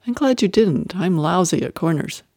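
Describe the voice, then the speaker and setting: A man's voice: sits high, animated, moderate pace, a little mellow, no echo, studio quality. A man voicing a young woman recovering in hospital, speaking lightly and teasingly.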